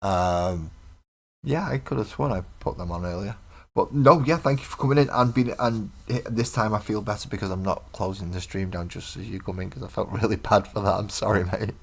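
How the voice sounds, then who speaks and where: Husky low-voiced man. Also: a little fast. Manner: chatty, self-mocking, rambling. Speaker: streamer painting miniatures. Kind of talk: casual live-stream chat. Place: home room indoors.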